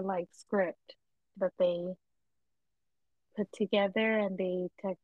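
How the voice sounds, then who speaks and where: A woman's voice: mid-range voice, dry recording, narrow, tinny audio. A woman co-hosting a podcast in casual chat, chatty, laughing often and acting out the voices of people she quotes. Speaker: podcast co-host.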